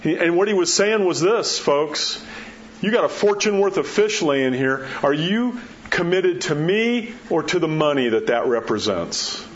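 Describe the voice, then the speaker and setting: A pastor giving a sermon in a conversational way, acting out the quotes and dropping his voice low to drive points home. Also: animated, unhurried. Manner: conversational preaching, acts out quotes, drops low for emphasis. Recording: dull muffled sound with faint background hiss.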